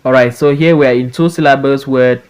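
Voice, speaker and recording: A man teaching an English phonics lesson, reading words slowly syllable by syllable for students to repeat. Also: mid-range voice, fairly even intonation, a little mellow, clean tone. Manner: slow and deliberate, stretching words out syllable by syllable.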